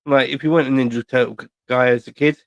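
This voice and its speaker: A man's voice: medium pitch, fairly even intonation, fast, creaky, no room sound, lo-fi sound. A man on a casual podcast, rambling through stories with heavy swearing and lots of filler words. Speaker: podcast co-host. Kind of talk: casual chat.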